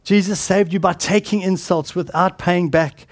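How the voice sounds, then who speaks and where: An earnest middle-aged man preaching a sermon in a slightly higher voice. He often sinks to a hushed, solemn tone and restarts his words as he goes. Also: steady tone, measured pace, hardly any pauses. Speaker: pastor.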